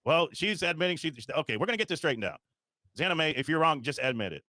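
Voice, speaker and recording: Fast, lively man calming a heated panel. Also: a little high, dry recording. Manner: repetitive, soothing, placating. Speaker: live stream host. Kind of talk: heated live panel moderation.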